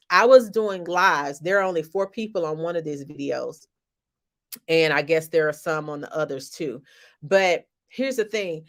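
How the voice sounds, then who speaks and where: A woman business coach giving an emphatic, motivational talk on a social media live, repeating key phrases like a preacher. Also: medium pitch.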